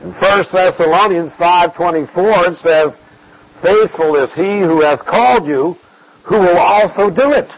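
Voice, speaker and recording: A man giving an expository Bible teaching, measured and emphatic, repeating key phrases to drive points home. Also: sits high, dull audio.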